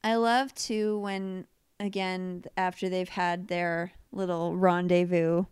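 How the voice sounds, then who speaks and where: A woman's voice: lowish voice, level tone, slow pace, a little mellow, smooth, dry recording, studio quality. A woman co-hosting a casual podcast chat, wry and giggly, who now and then acts out quoted lines. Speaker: podcast co-host.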